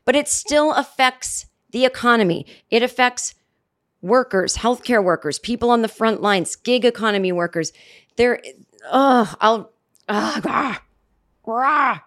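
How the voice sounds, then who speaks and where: A woman's voice: fairly high pitch, lively intonation, measured pace, a bit bright. A middle-aged woman hosting a solo comedy podcast, talking into a studio microphone in a sarcastic, rambling way full of self-deprecating asides. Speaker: podcast host.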